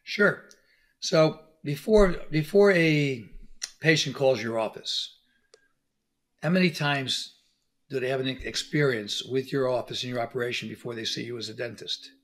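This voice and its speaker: A middle-aged man telling stories as a guest on an interview, animated and acting out quoted lines. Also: medium pitch, a little slow. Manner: animated storyteller, acts out quotes. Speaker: podcast guest, dentist. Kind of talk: conversational interview.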